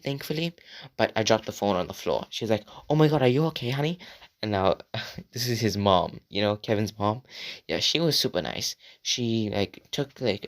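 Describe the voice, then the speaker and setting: A young man with a somewhat low voice tells a story in a loose, rambling way, dropping "like" constantly and swearing freely. He talks straight to his viewers as he goes. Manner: rambling and profane, heavy filler words. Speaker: vlogger. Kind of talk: casual storytime monologue.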